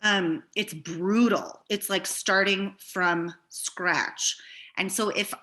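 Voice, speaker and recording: A woman business owner speaking as a guest in an interview, candid and reflective, often pausing with fillers. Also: mid-range voice, steady tone, sharp tone. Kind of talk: conversational interview.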